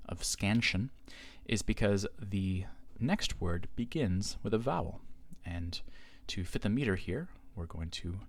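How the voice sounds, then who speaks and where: A man teaching a language grammar lesson as a patient, explanatory voice-over on slides. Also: lowish voice. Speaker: Greek teacher.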